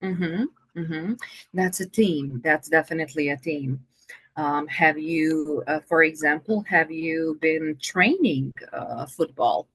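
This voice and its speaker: Slow, patient woman teaching English. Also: deep voice, fairly bright tone, slightly rough, dry recording. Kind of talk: online conversation lesson. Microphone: video call.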